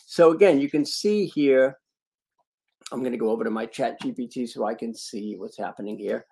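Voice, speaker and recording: A man's voice: mid-range voice, normal speed, vocal fry, a little mellow, husky. A man teaching a live online training webinar, talking through a screen-share demo with punchy emphasis on key words and chatty asides to attendees. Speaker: online video marketing trainer.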